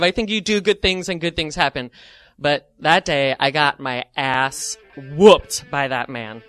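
Bright, animated male storyteller. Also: on the high side, normal speed, smooth, no room sound, faint music behind. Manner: animated, lots of "like" fillers, self-mocking. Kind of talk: comic personal anecdote.

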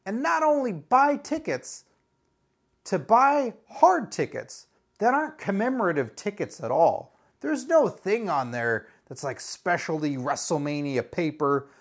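A man's voice: high-pitched, very animated, measured pace. A man hosting a podcast in a casual, rambling solo monologue, sounding frustrated and wry. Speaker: podcast host.

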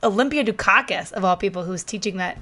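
A woman telling stories in casual chat, animated and playful. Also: medium pitch, fast. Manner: animated storyteller.

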